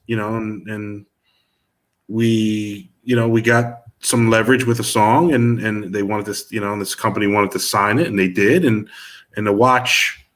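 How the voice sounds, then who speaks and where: A man's voice: on the low side, steady tone, normal speed, a bit bright. A middle-aged man, a music manager, talking in a casual interview and rambling with many restarts and fillers. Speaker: music manager and producer guest.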